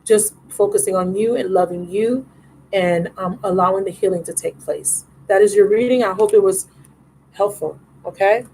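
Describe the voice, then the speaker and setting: A woman's voice: medium pitch, normal speed, dark tone, slight background noise, poor audio. Affectionate woman tarot reader, live stream. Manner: affectionate, calls viewers baby and love.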